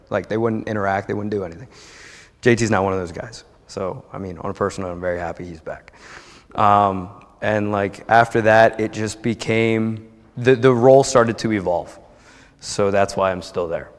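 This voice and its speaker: A man's voice: on the low side, moderate pace. A young man from New Jersey telling a heartfelt personal testimony at a church service, chatty and rambling with many restarts. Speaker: church member giving a testimony. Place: church sanctuary. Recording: long reverb of a church hall.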